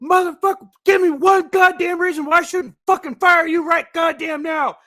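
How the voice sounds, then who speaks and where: A man's voice: very high-pitched, fairly even intonation, normal speed, voice pushed up. A man voicing a furious, cursing police chief from a film comedy. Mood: enraged. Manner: yelling, cursing, enraged.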